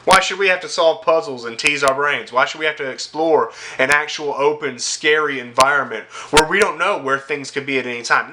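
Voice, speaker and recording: A young man ranting about video games, angry and sarcastic, swearing constantly and yelling at times. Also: mid-range voice, normal speed, noisy background. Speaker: gaming vlogger. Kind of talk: profane gaming rant to camera.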